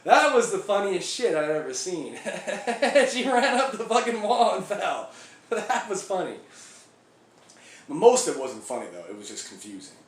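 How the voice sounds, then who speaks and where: A man's voice: lowish voice, very animated, fast talker, hardly any pauses, warm tone. An actor playing a crude, foul-mouthed male biker gang member who rambles through a comic monologue in an echoey room. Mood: crude ranting. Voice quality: profane, rambling storyteller. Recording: echoey room, faint background hiss.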